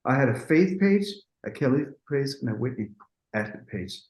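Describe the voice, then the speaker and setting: A man of middle pitch spins a lively studio anecdote, slipping into the voices of the people he quotes and breaking off for quick asides. He sounds relaxed and conversational, and his voice carries a noticeable room echo. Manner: animated storyteller, acts out dialogue, quick asides. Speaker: music producer telling a studio story. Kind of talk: casual anecdote in an interview.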